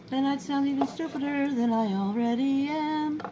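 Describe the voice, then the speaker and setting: A middle-aged New York woman chats to camera while cooking in her home kitchen, rambling and joking at her own expense. Her high, mellow voice moves at a moderate pace with barely a pause, and the home-video audio is poor with obvious background noise.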